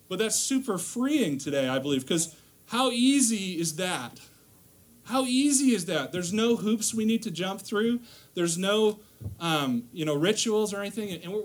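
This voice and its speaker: A guest lay preacher from the northern US, his voice on the high side, gives an easygoing sermon in a church sanctuary. He is talkative and pokes fun at himself, often using fillers and starting sentences over.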